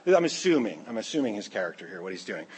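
A male pastor preaching a sermon, an animated storyteller who acts out the voices of the characters. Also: lowish voice, fast talker, slightly rough.

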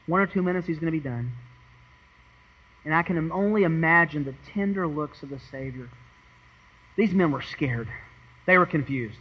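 A pastor with a high, breathy-edged voice delivers an earnest, dramatic expository sermon at a moderate pace, leaving long pauses. He swings between loud emphasis and hushed tones and restarts words as he goes. The recording sounds slightly muffled and lo-fi.

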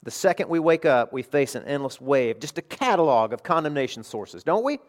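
Middle-aged male pastor, slightly higher-pitched, emphatic animated sermon delivery with hushed asides. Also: fairly quick. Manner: animated, emphatic preaching with sudden quiet asides.

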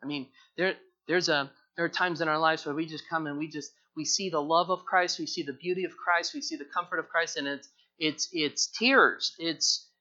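A man preaching an expository sermon, earnest and repetitive, moving from hushed tones to fervent emphasis. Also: a little high, normal speed, few pauses, muffled recording. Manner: earnest, repeats words, swings from hushed to fervent. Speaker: pastor.

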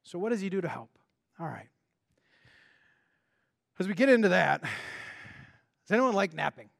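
Male pastor, very high-pitched, chatty animated sermon delivery. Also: measured pace, vocal fry. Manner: conversational, animated, with frequent restarts and rhetorical questions.

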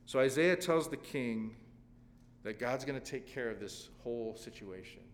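A man's voice: mid-range voice, animated, moderate pace, big-room sound. A male pastor preaching a sermon, telling a scripture story dramatically with sudden swells of emphasis.

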